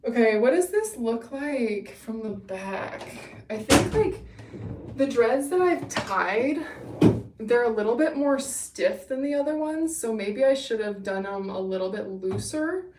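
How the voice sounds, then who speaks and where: A woman's voice: on the high side, lively intonation, unhurried, darkish tone, far from the mic, a little hiss or hum. A young woman hosting a casual livestream, bubbly and gushing as she chats with viewers, a little winded. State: winded from running. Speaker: livestream host. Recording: echoey room, away from the mic.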